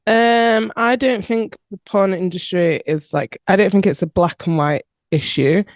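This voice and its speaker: A woman co-hosting a podcast, making measured, thoughtful points with dry asides in casual chat. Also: mid-range voice, no echo. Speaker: podcast co-host.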